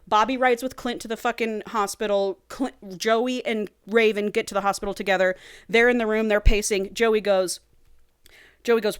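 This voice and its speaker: A woman's voice: medium pitch, fairly even intonation, normal speed, clean tone, dry recording, clean studio sound. A woman co-hosting a casual podcast, retelling a novel dramatically and acting out the characters' lines with frequent laughs. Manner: dramatic, acts out character quotes, laughs often. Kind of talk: casual chat, animated story retelling.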